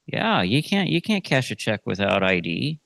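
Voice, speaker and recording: A man's voice: lowish voice, big pitch swings, moderate pace, gravelly, fairly bright tone, no echo. A man leading a class, talking casually and often repeating himself. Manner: conversational, repeats himself with fillers. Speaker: class teacher.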